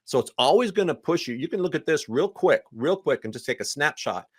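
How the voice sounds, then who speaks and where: A man speaking as a guest counselor in a casual conversation, animated and acting out other people's lines, repeating words in quick bursts. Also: a little high, breathy edge, dry recording, clean studio sound.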